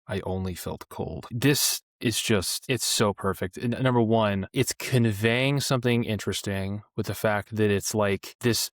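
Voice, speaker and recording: A man's voice: on the low side, steady tone, a little slow, few pauses, no echo, studio quality. A man hosting a book club podcast, talking eagerly about a novel with lots of fillers. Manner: enthusiastic, filler-heavy. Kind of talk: casual book discussion.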